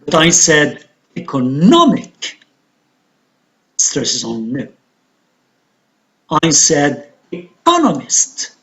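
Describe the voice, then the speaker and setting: A woman with an Algerian accent teaching a recorded English pronunciation lesson, speaking deliberately and repeating words for drilling. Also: deep voice, fairly bright tone.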